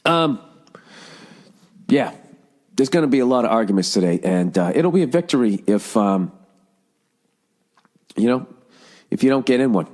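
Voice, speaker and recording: A man's voice: sing-song, moderate pace, pauses often, darkish tone. Profane ranting middle-aged man. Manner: profane, ranting, sarcastic, jumps into high mocking voices. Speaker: podcast host. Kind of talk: casual rambling monologue.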